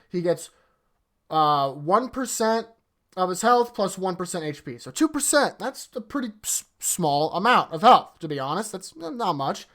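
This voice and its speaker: A woman content creator rants about a game, exasperated and swearing freely. Her pitch swings widely as she talks, giving the rant an animated, restless energy. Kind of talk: ranting game commentary.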